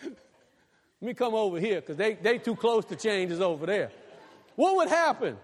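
A pastor with a fairly high voice preaches a sermon at a moderate pace, his pitch swinging widely up and down. He's animated, loud one moment and hushed the next. A long reverb trails his voice, as though he's in a big hall.

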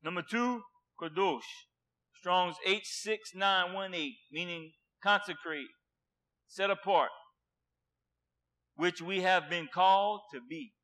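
A man preaching a sermon with passion, dropping to a hush and then rising loud, repeating words for emphasis. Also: high-pitched, takes it slowly, pauses often. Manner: impassioned, swinging from hushed to loud.

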